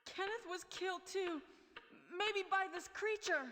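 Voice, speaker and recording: A woman's voice: very high voice, a little slow, bright, forceful tone, big-room sound, full character voice. An actress playing a young adult female team medic with stilted 1990s video game line reads. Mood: alarmed.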